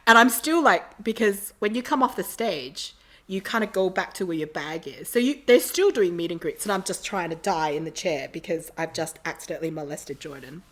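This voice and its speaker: A woman guest on a podcast, telling a story in a casual, animated way and acting out the quotes. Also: lowish voice, a little fast.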